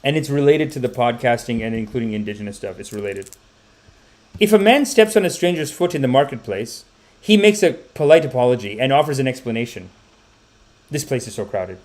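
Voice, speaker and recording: A man hosting a podcast, ranting in animated commentary, swearing and mocking the voices of others. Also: mid-range voice, fairly quick. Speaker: podcast host.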